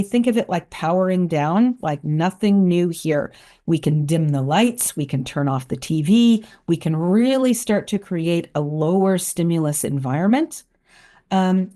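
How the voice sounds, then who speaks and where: Calm, warm-voiced woman counsellor. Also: on the low side. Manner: calm, explanatory, frequent "right?" and "um". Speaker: clinical counsellor. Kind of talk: parenting advice talk.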